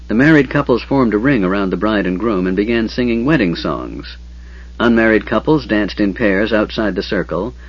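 A man reading a fantasy novel aloud in a steady, measured storytelling voice. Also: on the low side, breathy edge. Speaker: audiobook narrator. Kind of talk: scripted fantasy narration. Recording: dull lo-fi audiobook recording.

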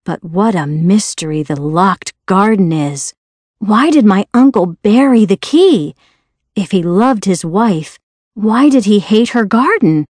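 A woman's voice: mid-range voice, darkish tone, no echo, close to an everyday voice. A woman voicing a spoiled, lonely little girl who talks coldly and proudly, in a storybook reading. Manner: cold, proud, quick to temper.

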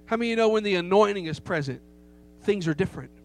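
A middle-aged pastor with a high, slightly mellow voice preaches quickly and animatedly, telling a story with emphasis and posing rhetorical questions to the congregation. A faint hum sits behind his voice.

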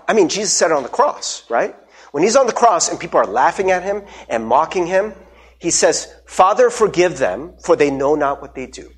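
Guy preaching a sermon, really up-and-down voice, kinda husky, acts out the quotes. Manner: animated storytelling, acts out quotes with shifting pitch. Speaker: pastor.

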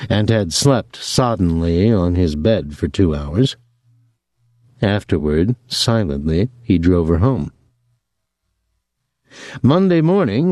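A male audiobook narrator reads in a measured yet expressive way, his fairly low voice rising and falling widely. The recording is dry and close, with no room sound. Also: dry recording.

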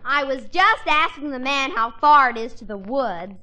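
A woman's voice: high-pitched, lively intonation, moderate pace, sharp tone, muffled recording. A woman playing a whiny little girl in a 1940s radio comedy. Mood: childish. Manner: childish, whiny. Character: little girl, the host's worried daughter.

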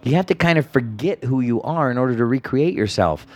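A man talking about his comedy act in a casual interview, rambling with many restarts and repeated words. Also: a little fast. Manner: lively pitch, jumps into high impressions. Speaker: comedian guest.

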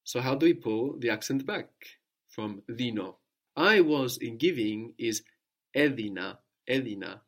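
A man's voice: medium pitch, lively intonation, unhurried, fairly bright tone. Patient male language teacher. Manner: patient, prompting with questions and repeating answers. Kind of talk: guided language lesson.

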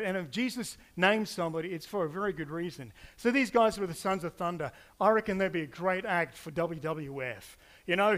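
Man, preaching, fairly high voice, animated, playful asides. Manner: animated storytelling, acts out quotes with playful asides. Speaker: pastor. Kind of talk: sermon.

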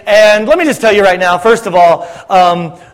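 A man's voice: sits high, moderate pace, long reverb tail. A man preaching as a pastor, talking to his congregation in a conversational, joking way. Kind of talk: sermon Q&A.

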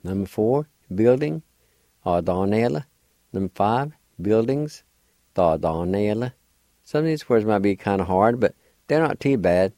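A man's voice: lowish voice, expressive, a little slow, warm tone, no room sound. An older man from Oklahoma, patiently spelling and pronouncing words letter by letter as a radio language teacher. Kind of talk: slow spelling and pronunciation lesson.

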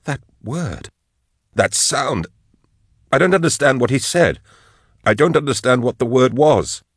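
A man's voice: sits low, huge pitch swings, a little fast, fairly bright tone, slightly rough, no room sound, studio quality, full character voice. A man voicing a frightened, disoriented young man asking frantic, breathless questions. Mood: panicked.

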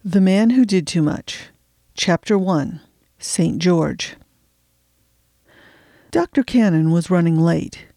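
A woman hosts a fiction podcast from her attic, introducing her own mystery with a wry, self-deprecating chat before settling into the reading. Her voice is mellow and warm. The sound is dry and close, with no room echo. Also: on the low side, lively intonation, takes it slowly, creaky, pauses often. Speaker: podcast host and fiction reader. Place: home attic.

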